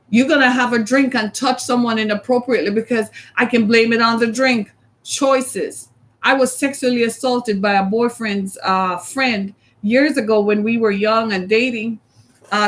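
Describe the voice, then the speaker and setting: Emphatic high-voiced woman speaker. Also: fairly bright tone. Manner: emphatic, repeats a key word, acts out quotes. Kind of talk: motivational talk to an audience.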